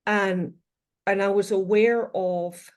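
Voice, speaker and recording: A woman's voice: medium pitch, steady tone, takes it slowly. A woman in her fifties, a podcast guest telling a personal story in a thoughtful, reflective way, often circling back to restate her points. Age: 50s.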